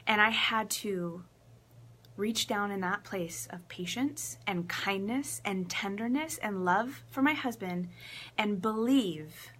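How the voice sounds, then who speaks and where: A woman relationship coach telling a personal story to camera in a casual, animated way, acting out quotes and getting emotional. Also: mid-range voice. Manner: laughs often, emotional.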